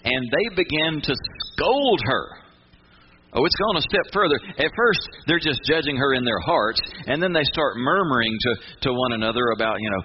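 A man's voice: mid-range voice, moderate pace. A man preaching a sermon in a conversational, emphatic, folksy way. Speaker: pastor. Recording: muffled with steady hiss.

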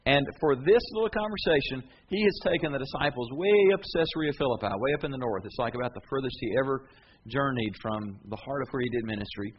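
A male pastor preaching a sermon in a colloquial, dramatic storytelling manner, with a voice of middle pitch. The recording is slightly muffled, with faint ambient noise behind it. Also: animated, fast.

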